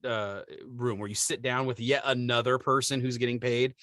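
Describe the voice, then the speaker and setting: A middle-aged man with a bright, forceful voice tells stories in a loose, joking chat, slipping into the voices of the people he describes. The sound is dry and close, with no room around it. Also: medium pitch, moderate pace, no echo. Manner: animated storyteller, acts out quoted people. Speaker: podcast co-host. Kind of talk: casual chat.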